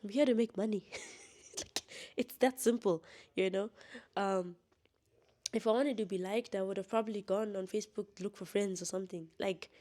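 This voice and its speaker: A woman's voice: mid-range voice, fairly even intonation, normal speed, warm tone. A young woman talking straight to camera in a candid vlog monologue, blunt and defiant, laughing often. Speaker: vlogger.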